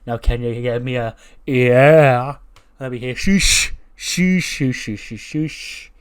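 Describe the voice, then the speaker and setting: A man's voice: medium pitch, monotone, fast talker, a little mellow, clean tone, natural voice. A man voicing a cocky, swaggering male wrestling megastar with a brash, boastful, mocking manner. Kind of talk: voicing figures while narrating a simulated wrestling show.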